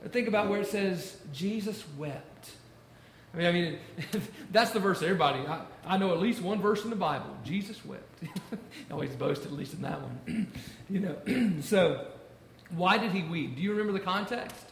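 A man preaching a sermon, stressing key phrases by repeating them slowly. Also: high-pitched, animated, vocal fry. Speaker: pastor. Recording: echoey room with faint noise.

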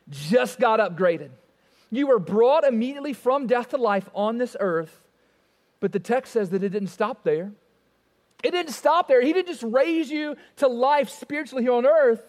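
A man preaching a sermon as pastor, swinging between emphatic, raised lines and soft, quiet drops. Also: sits high. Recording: long reverb of a hall.

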